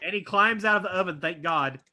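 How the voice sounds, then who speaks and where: Guy reading out stage directions at a live script reading, bright and highish, chatty asides. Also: brisk. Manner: animated, with asides and chuckles. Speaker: script reader.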